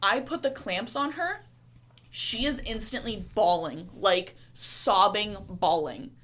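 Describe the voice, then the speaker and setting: Animated woman telling a piercing story. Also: mid-range voice, slow pace. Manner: animated storyteller acting out dialogue. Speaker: podcast co-host and body piercer. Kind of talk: casual chat.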